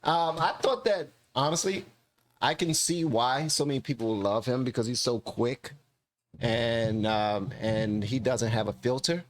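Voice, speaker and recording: Relaxed man chatting to his viewers. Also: medium pitch, a little slow. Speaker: reaction channel host. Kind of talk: casual reaction commentary.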